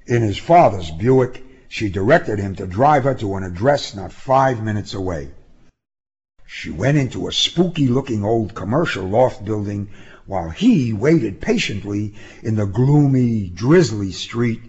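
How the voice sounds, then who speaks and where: A man narrating a story in a measured, expressive way. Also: on the low side, slightly rough, lo-fi sound. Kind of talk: audiobook narration.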